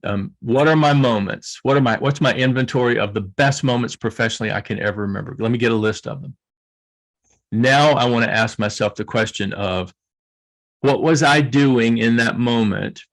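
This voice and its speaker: A man's voice: lowish voice, a little fast. A middle-aged man with a Southern US accent, speaking as a guest coach in an earnest, reflective way and often restarting his phrases.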